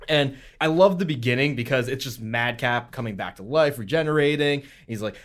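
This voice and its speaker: Easygoing man, mid-pitched voice. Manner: easygoing, quick to laugh along. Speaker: podcast co-host. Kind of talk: casual chat.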